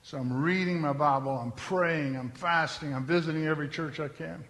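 A man's voice: on the high side, moderate pace, a bit bright, big-room sound. A man telling his testimony from the pulpit in an earnest, conversational storytelling manner. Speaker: preacher giving his testimony.

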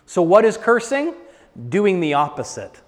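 A male pastor preaching a sermon, swinging between hushed lines and loud, drawn-out ones. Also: sits high, sing-song, long reverb tail.

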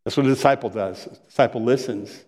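A middle-aged man and pastor preaching a conversational sermon, telling stories in an animated way and often interrupting himself. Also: mid-range voice, fast, big-room sound. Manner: animated storytelling, self-interrupting.

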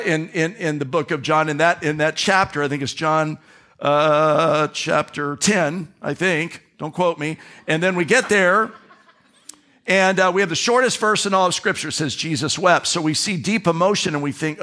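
Brief: hoarse male pastor, higher-pitched, chatty sermon in church. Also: fairly bright tone. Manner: conversational preacher with restarts and asides. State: hoarse from a throat issue.

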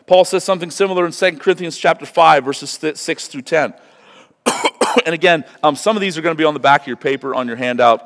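A man's voice: medium pitch, a little fast. Man preaching with long hall echo. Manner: preaching, rising to loud emphatic scripture reading. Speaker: pastor. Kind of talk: sermon. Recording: long reverb of a large hall.

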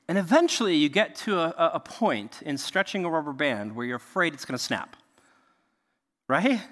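Animated man preaching in a reverberant hall. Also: on the high side, moderate pace. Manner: conversational and animated, frequent "right?" asides. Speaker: pastor. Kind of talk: sermon.

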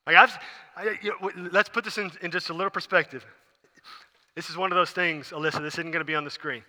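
Pastor guy preaching, high voice, acts out the story, big echoey church. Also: fast talker. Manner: animated storytelling, acts out scenes. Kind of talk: sermon. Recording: long reverb of a large hall.

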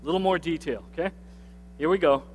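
A man's voice: fairly high pitch, fast, a little hiss or hum. A man preaching a sermon as pastor in a conversational way, repeating phrases and asking the congregation to answer back. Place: church sanctuary with a screen. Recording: long hall reverb from a sanctuary.

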